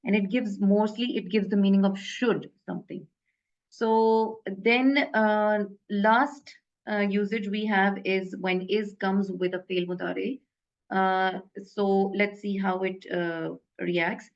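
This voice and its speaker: In a casual online class, a woman teaches grammar at a mid pitch with fairly even intonation. She pauses often and fills her speech with fillers and self-corrections. The audio sounds slightly dull and lo-fi.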